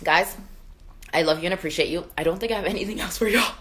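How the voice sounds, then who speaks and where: A young woman hosting a casual live stream from home, chatting warmly with viewers, answering their comments and laughing often. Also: on the low side, fast, a little hiss or hum.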